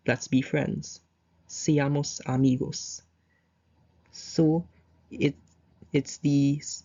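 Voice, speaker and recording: Brief: male tutor, mellow dark voice, loose rambling explanations, lo-fi dull recording. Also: medium pitch, gravelly. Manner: loose, repetitive explaining with fillers. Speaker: Spanish tutor. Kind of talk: casual recorded grammar lesson over slides.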